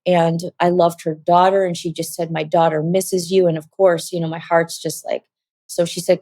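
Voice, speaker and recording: Soft-spoken woman, halting testimony. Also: on the low side, flat delivery, no echo. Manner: soft, halting, reflective storytelling with many fillers. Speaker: interview guest sharing her testimony. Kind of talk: emotional personal testimony.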